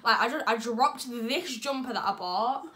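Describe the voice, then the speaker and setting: Young woman, co-host vlogger, fairly high bright voice, excited rambling chat. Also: moderate pace. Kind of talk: casual storytelling chat.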